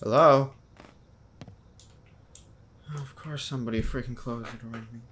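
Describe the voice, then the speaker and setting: A man's voice: medium pitch, steady tone, a little slow, a bit bright, a little hiss or hum. A young man giving horror game commentary, jumpy and slangy, yelping when startled and talking back to the game. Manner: slangy, keeps saying dude and bro. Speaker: gaming video host.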